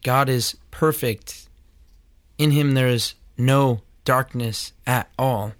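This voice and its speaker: A man's voice: mid-range voice, slow pace, no echo, studio quality. A man hosting a critical commentary show on church teaching, earnest and preachy, sometimes stumbling over his words. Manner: earnest, preachy, stammering restarts. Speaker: host.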